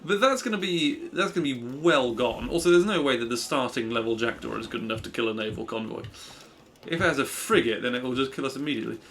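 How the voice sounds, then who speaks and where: A man's voice: mid-range voice, expressive, fast talker, fairly bright tone. Self-deprecating, rambling man streaming a game. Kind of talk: casual gameplay commentary.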